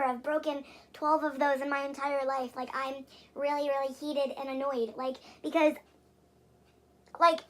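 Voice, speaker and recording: A woman's voice: sits high, steady tone, measured pace. A young woman vlogging at home, rambling and exasperated, with lots of fillers and swearing. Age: young adult. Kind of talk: casual venting vlog.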